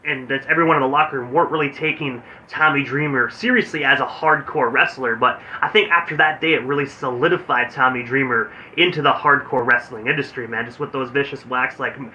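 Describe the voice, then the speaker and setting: A man's voice: mid-range voice, fairly even intonation, a little fast, few pauses, bright, forceful tone, a little hiss or hum. Chatty male host on a muffled line. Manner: chatty fan enthusiasm. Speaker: radio show host. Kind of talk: casual interview chat.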